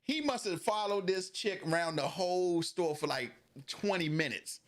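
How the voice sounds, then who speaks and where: A man's voice: sits high, moderate pace. A man co-hosting a casual podcast, telling funny work stories with lots of laughter and acted-out voices. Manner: animated storyteller, laughs often, acts out voices. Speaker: podcast co-host.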